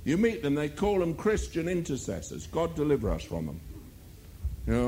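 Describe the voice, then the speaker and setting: A man's voice: fairly high pitch, wildly swooping pitch, normal speed, mellow, slight background noise. A male preacher delivering a sermon, firing rhetorical questions and mocking asides.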